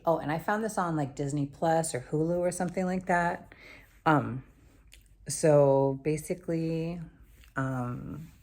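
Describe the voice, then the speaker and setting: A young woman with a notably low, slightly mellow voice recaps a TV episode for her vlog. She rambles loosely, leaning on slang and filler words as if chatting with a friend.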